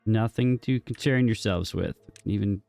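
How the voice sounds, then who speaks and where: A man's voice: lowish voice, normal speed, vocal fry, mellow, no echo, soft background music. A man casually commentating his own gameplay, thinking aloud and joking with the game as he builds. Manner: thinks aloud, jokey, talks to himself and the game. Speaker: gaming streamer.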